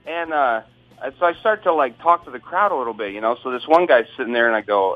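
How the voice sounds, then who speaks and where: A man's voice: medium pitch, expressive, fast, no echo, faint music behind. Dry self-mocking man on a tinny phone line. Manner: self-deprecating storyteller, dry delivery. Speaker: comedian guest. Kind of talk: casual phone interview. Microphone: phone call.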